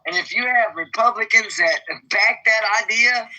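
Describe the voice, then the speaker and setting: A man's voice: high-pitched, normal speed, bright, forceful tone, poor audio. A man rambling through an exasperated political opinion in casual chat, with many fillers and restarts.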